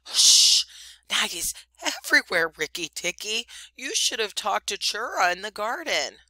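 A woman's voice: sing-song, sharp tone, no echo, low-quality recording. A woman doing Chuchundra, a whimpering muskrat. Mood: fearful. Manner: high, slow, tearful pleading. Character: timid weepy male muskrat, small, broken-hearted.

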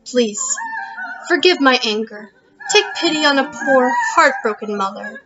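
A woman voicing a fierce, regal female queen of the night in a storybook tale, who snaps angrily and then pleads softly. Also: high voice, lively intonation, measured pace, highs cut off, loud music behind the voice. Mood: pleading.

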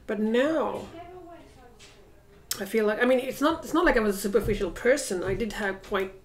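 A vlogger speaks casually to a camera placed across a room in her home, her voice fairly high and at a normal speed. It's a reflective, rambling monologue with lots of hesitation.

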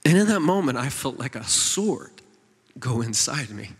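A man's voice: mid-range voice, sing-song, normal speed, slightly rough. A middle-aged man preaching at a church conference, telling a personal story in an earnest, tender, emotional way with many fillers and restarts. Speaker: worship leader preaching at a conference. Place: large church conference hall. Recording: long hall reverb.

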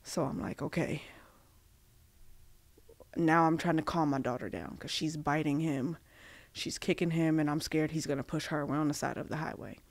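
A woman from Massachusetts, a podcast guest, telling a personal story haltingly with many fillers and restarts, acting out the dialogue she quotes. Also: low voice, no echo.

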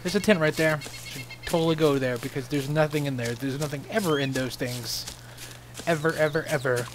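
A man's voice: fairly high pitch, brisk, noisy background. A young man giving casual, rambling commentary over a survival game, sarcastic and swearing freely. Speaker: gaming channel host.

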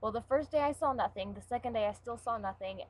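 A woman's voice: a little high, quick pace, crowd noise, low-quality recording. Young woman casually reading jokes aloud. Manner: casual reading, trailing off quietly. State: sick. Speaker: web show co-host.

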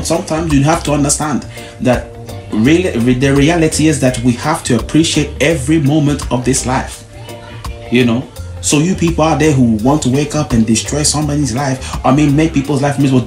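Preachy man with swooping emphasis. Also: medium pitch. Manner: preachy, repeats short warnings. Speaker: vlogger. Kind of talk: motivational monologue to camera.

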